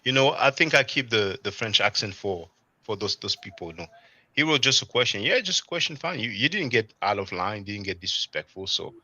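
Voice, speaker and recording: Stream host, male, low-ish and bright, reads comments with a chuckle. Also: lively intonation, fairly quick, no room sound, highs cut off. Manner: reads viewer comments aloud, chuckles often. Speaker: channel host. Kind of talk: casual live stream chat.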